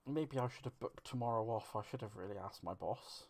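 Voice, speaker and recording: A man with a medium-pitched voice talks fairly quickly while hosting a crafting livestream. He's chatty and rambling, pokes fun at himself, and reads and answers viewers' comments.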